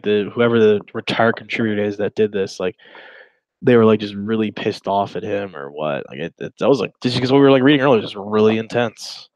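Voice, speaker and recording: A man's voice: on the low side, a little mellow, no room sound, poor audio. A man co-hosting a casual podcast, rambling and crude as he reacts to chat logs, often trailing off and restarting. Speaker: podcast co-host.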